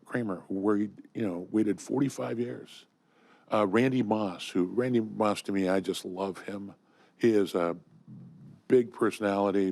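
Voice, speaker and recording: Speaking as an interview guest in a studio, this older Southern Californian man shares enthusiastic, conversational stories riddled with fillers and false starts. He has a lowish, darkish voice with vocal fry, captured in a dry recording.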